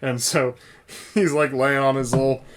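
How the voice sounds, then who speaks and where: A man's voice: mid-range voice, fairly even intonation, measured pace. A man co-hosting a casual movie review podcast, retelling scenes and acting out quotes between laughs. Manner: storytelling, acts out quotes, laughs. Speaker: podcast co-host.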